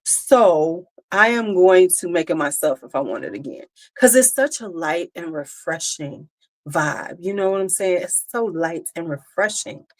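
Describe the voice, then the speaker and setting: A woman hosting a casual birthday livestream, chatting with her viewers and greeting them by name in an animated, talkative way. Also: on the low side, unhurried. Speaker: livestream host.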